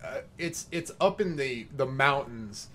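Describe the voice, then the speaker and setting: A man's voice: mid-range voice, animated, unhurried, a bit bright, slight background noise. A man co-hosting a podcast, chatting casually and telling rambling, joking stories. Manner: joking, rambling storytelling with restarts. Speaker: podcast co-host. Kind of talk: casual chat.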